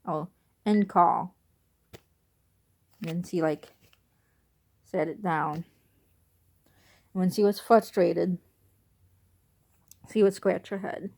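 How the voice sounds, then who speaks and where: A woman's voice: fairly low pitch, slow, vocal fry, long pauses, warm tone. A young adult woman vlogging, telling a casual, rambling story that turns wistful at times.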